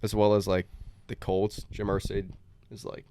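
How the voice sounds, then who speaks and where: A man's voice: on the low side, monotone, normal speed, warm tone, slight background noise. A young man co-hosting a casual sports podcast, talking hesitantly with many fillers. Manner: hesitant, lots of fillers and restarts. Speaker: podcast co-host.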